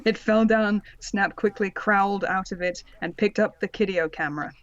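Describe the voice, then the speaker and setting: A woman's voice: mid-range voice, normal speed, no echo. A woman narrating a comedic reading with sardonic asides and laughter. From Britain. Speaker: podcast co-host and narrator of the reading. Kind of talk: comedic dramatic reading with commentary. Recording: slightly dull lo-fi audio.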